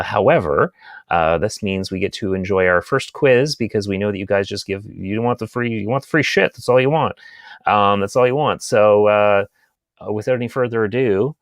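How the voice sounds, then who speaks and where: A man's voice: fairly low pitch, no room sound. Wry, self-mocking Canadian comedian man. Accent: rural Canadian. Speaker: comedy show co-host. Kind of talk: comic stand-up and live banter.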